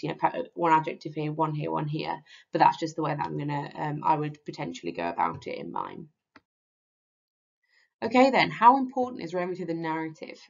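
A woman's voice: low-pitched, gravelly. A woman teaching a literature lesson in a casual, hesitant way, with many ums and restarts. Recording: slightly dull lo-fi audio.

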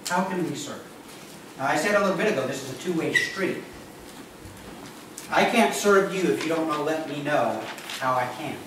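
A man's voice: high-pitched, fairly bright tone. A man, the pastor, giving a conversational sermon with joking asides to his congregation in a church. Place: church sanctuary. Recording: echoey room, voice from far off, noisy.

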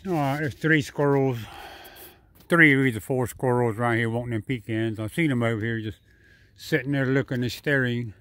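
A man's voice: fairly even intonation, moderate pace, a bit bright, dry recording. A man, filming a casual vlog in his yard on his phone and coaxing squirrels to come eat. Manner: coaxing, rising higher when calling the animals. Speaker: vlogger. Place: his own yard, outdoors. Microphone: phone camera.

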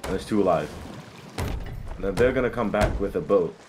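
A young man with a lowish voice plays a game while chatting with his teammates, excitable and quick to swear. He breaks into sudden loud bursts. Clear boat and water game sounds run underneath his voice. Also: background noise. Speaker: game streamer. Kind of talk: casual gameplay chat with teammates.

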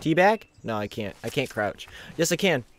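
A young man commentating his gameplay in a jokey, excitable way, swearing and shouting at enemies. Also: medium pitch, normal speed. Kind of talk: let's play commentary.

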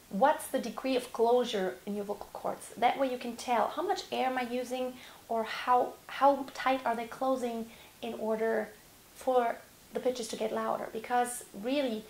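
Singing teacher with a roomy echo. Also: female voice, a little high, steady tone, normal speed, vocal fry, slight background noise. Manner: explains with demonstrations, yelling examples. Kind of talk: vocal lesson.

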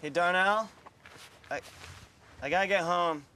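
A man's voice: high voice, unhurried, bright, forceful tone, a little hiss or hum. A meek, naive young guy. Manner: hesitant and meek. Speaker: film character. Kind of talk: comedy film acting.

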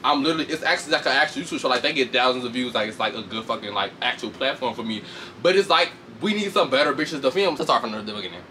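A man casually recapping a reality show fight with lots of swearing, laughter, and sudden high mocking voices. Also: rapid-fire, a little hiss or hum. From Chicago. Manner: animated, profane, laughs often, shifts into high mocking voices. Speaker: commentator reacting to a reality show. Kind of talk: casual chat.

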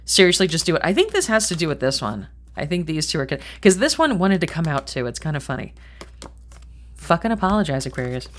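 A woman's voice: low voice, very animated, quick pace, hardly any pauses. A middle-aged woman giving a chatty tarot reading to camera, rambling and thinking aloud, swearing casually and speaking bluntly. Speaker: tarot reader.

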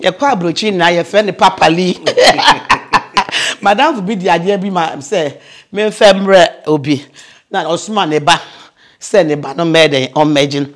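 A woman's voice: lowish voice, moderate pace. Casual older woman telling old stories, slips english phrases in, chatty. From Ghana. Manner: lively storyteller, mixes in English phrases. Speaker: veteran actress, guest. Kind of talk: casual interview, reminiscing.

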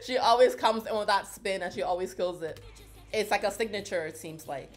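A woman reaction vlogger in casual, playful commentary, excitable and quick to laugh and whoop. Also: mid-range voice, soft background music. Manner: chatty and playful.

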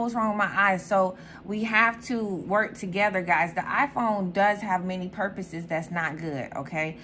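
A young woman hosting her own channel in casual, animated chat, swearing freely and jumping to sudden high squeals. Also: slight background noise. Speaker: tarot reader and channel host.

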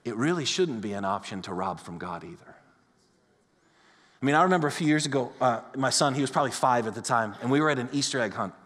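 A man preaching a sermon as pastor, telling stories with lively acted-out dialogue. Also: mid-range voice, fast, long reverb tail. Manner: animated storytelling, acts out quoted voices. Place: church sanctuary.

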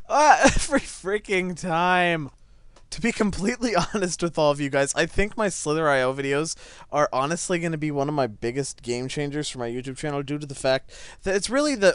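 A teenage boy giving live commentary on a game he is playing at home, excitable, laughing and stammering as things happen. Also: on the high side, moderate pace, smooth, dry recording. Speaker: gaming YouTuber. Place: home, seated in a chair.

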